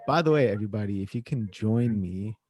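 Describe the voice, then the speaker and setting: A man's voice: fairly low pitch, fairly quick, darkish tone, no room sound. Laid-back man hosting a video call. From Canada. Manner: laid-back, says "man" often, fillers. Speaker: host. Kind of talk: casual video-call chat.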